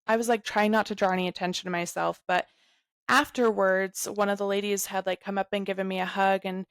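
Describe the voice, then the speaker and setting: A woman guest candidly sharing a personal story, speaking softly and earnestly with frequent "like" fillers. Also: medium pitch, fairly even intonation, brisk, clean tone, dry recording, studio quality.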